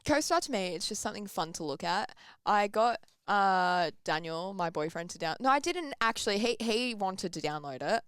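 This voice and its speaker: A woman's voice: mid-range voice, lively intonation, normal speed, hardly any pauses, fairly bright tone, clean tone, dry recording, clean studio sound. A young woman, chatting casually as a podcast co-host, laughing often and acting out what people said. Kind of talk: casual chat.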